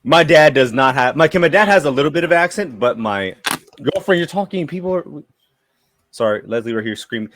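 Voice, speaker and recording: A man's voice: a little high, lively intonation, fairly quick, fairly bright tone. A man in a casual group chat, talking in an easygoing, rambling way. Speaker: podcast co-host.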